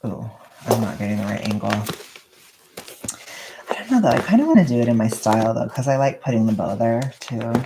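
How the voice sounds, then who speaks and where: A young woman vlogging at home, chatting casually and rambling in a soft-spoken way while she wraps gifts. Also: rumbling low, expressive, brisk, pauses often, background noise.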